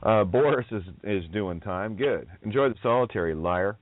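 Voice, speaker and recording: A man's voice: lowish voice, expressive, normal speed, dry recording. A man hosting a radio talk, speaking bluntly and nonchalantly, drifting off topic and swearing. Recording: dry tinny phone-quality audio.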